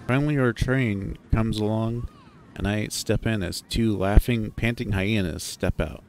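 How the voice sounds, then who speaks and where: Low-voiced man narrating a story. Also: measured pace, darkish tone. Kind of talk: first-person story narration.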